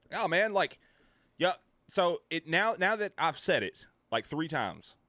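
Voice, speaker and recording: A man streamer ranting in casual chat, animated, swearing and laughing between points. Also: fairly high pitch, no echo. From United States.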